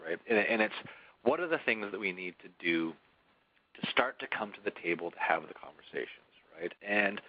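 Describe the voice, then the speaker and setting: A man from a software vendor presenting a webinar in a conversational way, often tagging his points with "right?" and restarting his sentences. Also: low-pitched, lo-fi sound.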